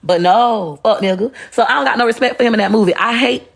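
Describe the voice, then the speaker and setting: A woman's voice: on the high side, fast talker, gravelly. A woman, ranting bluntly and profanely on a phone livestream. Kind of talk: casual rant on a livestream.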